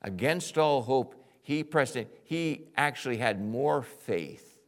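A male pastor preaching a sermon, animated, swinging from quiet, intimate lines to loud, excited bursts. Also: medium pitch, takes it slowly.

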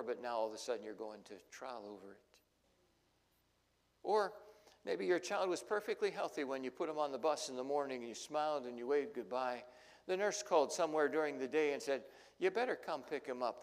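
A male pastor preaching a sermon, telling the story dramatically and swinging between loud and hushed. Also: mid-range voice, brisk. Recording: long hall reverb.

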